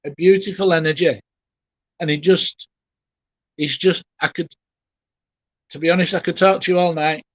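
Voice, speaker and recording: A man working as a spiritualist medium, giving a live reading in a gentle, halting, often emotional way while softly reassuring the person he addresses. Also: a little high, fairly even intonation, no echo, lo-fi sound.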